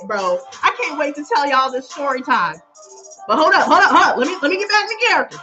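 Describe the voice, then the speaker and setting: A woman's voice: sits high, normal speed, faint music behind, rough recording. A woman tarot reader hosting a livestream in a brash, hyped persona, rhyming, cursing and laughing as she banters with her chat. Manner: loud and excitable, often laughing.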